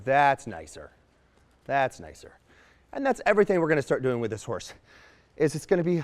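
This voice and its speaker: A man's voice: mid-range voice, big pitch swings, moderate pace, big-room sound. A man working as a horse trainer, explaining a training demonstration as he works and voicing what the horse seems to think.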